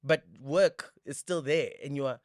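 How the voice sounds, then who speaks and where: A man's voice: medium pitch, unhurried, no room sound, clean studio sound. A South African man in his thirties hosting a casual podcast chat, playful and slangy, given to joking asides. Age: 30s. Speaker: podcast host.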